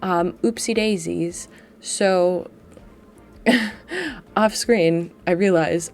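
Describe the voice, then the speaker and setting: Chatty woman with a lowish voice. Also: very slow, gravelly, pauses often, a little mellow, soft background music. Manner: chatty, self-deprecating, laughs often. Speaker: dog agility trainer. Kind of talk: voiceover commentary on training footage. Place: at home seated by her dog.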